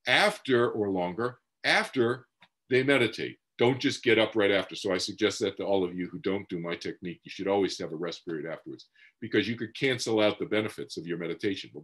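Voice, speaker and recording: A man's voice: mid-range voice, fairly bright tone. Man telling a personal story conversationally. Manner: conversational, many restarts and "you know" asides, rising and dropping with the story. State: moved to tears at points. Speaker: speaker on past-life memories and meditation teacher.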